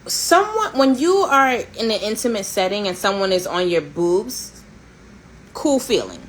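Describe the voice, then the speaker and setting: A woman in her thirties, from a Haitian family, hosting a casual storytelling chat in a candid, sarcastic and animated way, swearing and laughing often. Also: medium pitch, a little hiss or hum, poor audio. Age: 30s. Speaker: host.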